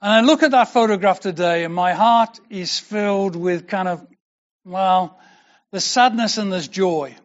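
A man's voice: high voice, unhurried, muffled recording. An older man preaching a sermon as pastor, earnest and building to emphatic declarations.

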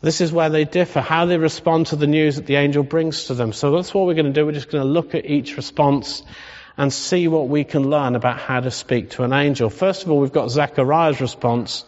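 A man's voice: a little high, fairly quick. Man preaching in a reverberant hall. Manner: conversational, rising into animated emphasis. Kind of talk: sermon. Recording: dull sound with long hall reverb.

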